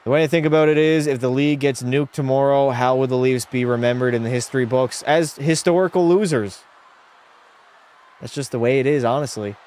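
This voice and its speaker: A man's voice: medium pitch, steady tone, brisk, darkish tone. Blunt young man streaming hockey. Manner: opinionated, blunt, reads chat aloud. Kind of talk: casual live-stream chat. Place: home room.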